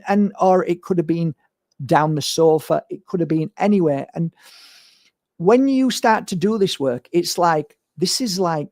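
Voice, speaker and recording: A man's voice: a little high, darkish tone, no room sound, studio quality. A man, a spiritual medium, talking bluntly and emphatically in a rambling monologue to camera. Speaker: spiritual medium and crystal seller.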